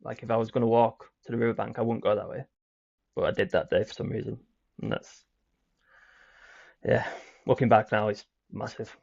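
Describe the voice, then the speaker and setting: A young British man telling his own recovery story as a guest, in a halting way with repeated words and many fillers. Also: fairly low pitch, fairly even intonation, gravelly, a little mellow, husky, dry recording. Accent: British English. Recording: dry, muffled audio.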